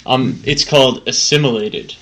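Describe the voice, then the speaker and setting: A man co-hosting a casual podcast with a medium-pitched voice. He delivers short, deadpan jokes in relaxed banter. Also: moderate pace. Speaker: podcast co-host.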